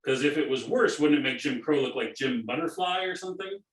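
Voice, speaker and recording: A man's voice: on the high side, expressive, a little fast, reverberant, recorded from a distance, rough recording. A man co-hosting a talk show, joking in a playful, mock-pompous way. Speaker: co-host. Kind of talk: joking banter.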